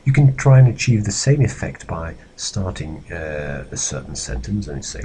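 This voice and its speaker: Male lecturer, Belgian Dutch-speaking accent, deep voice, explanatory, faint background hiss. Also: animated, moderate pace, few pauses, warm tone, rough recording. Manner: explanatory, acts out example phrases. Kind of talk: recorded lecture on presentation skills.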